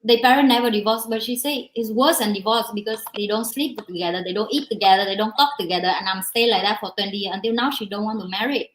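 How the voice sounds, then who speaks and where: A woman's voice: medium pitch, fast talker, hardly any pauses. Brief: woman panel guest, earnest non-native English, echoey room with faint hiss. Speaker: panel guest, single mother. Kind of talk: personal story in panel discussion.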